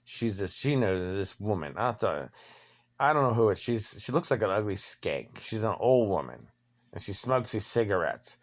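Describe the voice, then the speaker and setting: A man's voice: fairly low pitch, animated, normal speed. Indignant profane middle-aged man ranting. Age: 50s. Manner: profane, indignant storytelling that acts out both sides of a dispute. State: limping, needs knee replaced. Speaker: vlogger. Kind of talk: angry personal rant.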